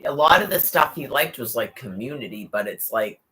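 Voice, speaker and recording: A man talks in loose, chatty storytelling. He rambles and swears as he goes, and his voice is bright and sharp-edged. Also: medium pitch, animated, normal speed, low-quality recording. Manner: rambling, profane, full of fillers. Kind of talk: casual storytelling chat.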